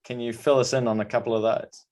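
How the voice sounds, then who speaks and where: A man's voice: mid-range voice, level tone, fast talker, a little mellow. A man hosting a podcast interview, often repeating words as he starts sentences. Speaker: podcast host. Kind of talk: casual interview.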